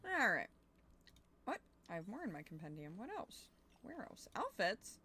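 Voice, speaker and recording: A young woman streaming a video game and chatting easily as she plays, her pitch lifting and dipping a lot. She talks things through aloud and swears casually. Soft game music plays faintly behind her. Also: sing-song, normal speed. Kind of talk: casual gameplay chat.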